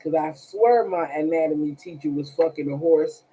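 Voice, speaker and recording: A woman's voice: sits low, moderate pace, warm tone, slightly rough, poor audio. A woman hosting a tarot live stream, telling stories casually with a sarcastic, profane manner and frequent laughter. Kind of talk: casual storytelling to viewers.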